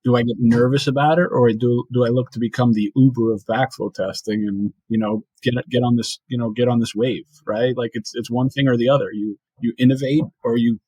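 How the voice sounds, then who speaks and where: Podcast guest, male, New York accent, husky, chatty. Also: mid-range voice, fairly even intonation, fairly quick, few pauses, mellow, no room sound, rough recording. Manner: chatty, often ends points with "right?". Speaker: podcast guest, industry executive. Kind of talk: casual interview talk.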